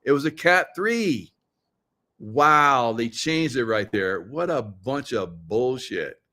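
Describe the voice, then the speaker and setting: A middle-aged man talks loosely to his livestream viewers in a mid-pitched voice. He rambles between points, takes a conspiratorial tone, and breaks into chuckles often. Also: fairly bright tone. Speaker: livestream host. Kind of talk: casual live chat to viewers. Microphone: computer mic, screen sharing.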